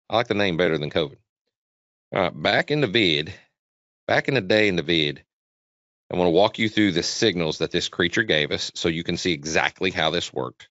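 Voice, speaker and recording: A man's voice: low-pitched, a bit bright, dry recording. A man presenting a trading webinar in a casual, repetitive way, often quizzing his listeners, on dull lo-fi webinar audio. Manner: chatty, repetitive, asks the audience questions. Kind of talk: casual live chart walkthrough.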